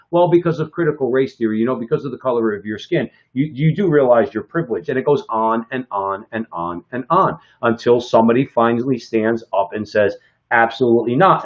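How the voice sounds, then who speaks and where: A man co-hosting a political talk show, speaking emphatically and often adding "okay?" for stress. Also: mid-range voice. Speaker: co-host. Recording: slightly dull lo-fi sound.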